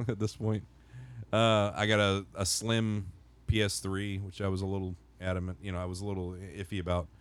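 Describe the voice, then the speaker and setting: A man co-hosting a casual podcast, telling a long rambling anecdote with many restarts. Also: sits low. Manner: rambling, self-correcting anecdote. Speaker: podcast co-host. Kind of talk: casual chat, storytelling.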